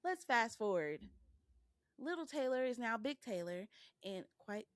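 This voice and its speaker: A woman co-hosting a podcast, telling a story in a casual, animated way and laughing as she goes. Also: fairly high pitch, unhurried, no room sound, clean studio sound. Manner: animated, acts out the people in her stories; laughs through her own story. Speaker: podcast co-host.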